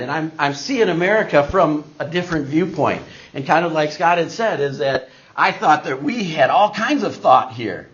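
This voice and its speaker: Middle-aged guy telling a story on stage, kinda high voice, doing the voices, muffled recording. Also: normal speed, slight background noise. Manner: animated storyteller acting out quoted voices. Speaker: speaker giving a talk. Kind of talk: storytelling talk to an audience. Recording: dull lo-fi recording.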